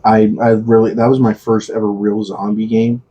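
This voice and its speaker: Husky man in casual podcast chat. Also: lowish voice, level tone, moderate pace, dark tone. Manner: rambling, swears freely, teasing. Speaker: podcast co-host.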